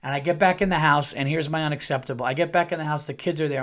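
Podcast host, man, 30s to 40s, a bit high-pitched; casual, profane storyteller who hams up the quotes. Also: quick pace. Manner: animated, acts out quotes with big jumps in pitch and loudness; profane and conversational.

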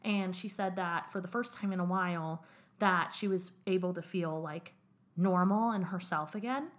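A woman's voice: lowish voice, normal speed. A young woman co-hosting a podcast, chatting candidly and swearing as she retells conversations. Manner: candid, swearing, quotes others in run-on retellings. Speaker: podcast co-host. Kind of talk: casual podcast chat.

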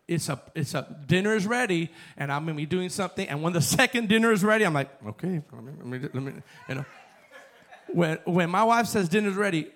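High-voiced preaching man. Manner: conversational, builds to fervent shouting. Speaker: pastor. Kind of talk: sermon.

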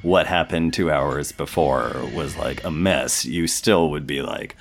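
A man's voice: very deep voice, unhurried, gravelly, a little hiss or hum. A man co-hosting a podcast in casual chat, telling a long story and filling his speech with "like". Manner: rambling storyteller, fills speech with "like".

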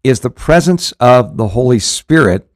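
A man's voice: mid-range voice, lively intonation, unhurried, no room sound, studio quality. A male pastor hosting a show, teaching scripture in an earnest, conversational way, with frequent restarts and fillers.

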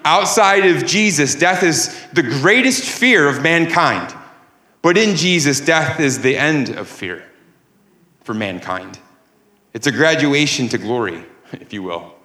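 A pastor preaches emphatically in an echoey church sanctuary, his cadence rising and falling. His voice is fairly high and expressive, with a sharp tone and a measured pace.

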